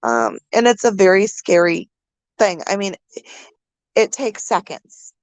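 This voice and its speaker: A woman vlogger from the American Midwest, talking to her viewers through tears, halting with many pauses and fillers. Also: mid-range voice, sing-song, no room sound. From Minnesota. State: crying. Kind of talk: emotional vlog talk to viewers.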